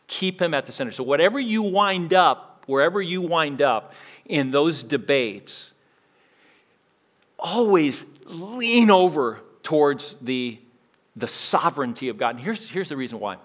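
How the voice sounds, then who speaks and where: Guy giving a sermon, chatty, restarts a lot, goes loud then soft. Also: fairly high pitch, animated, measured pace. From United States. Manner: conversational preaching, restarts and swings in volume. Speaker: pastor.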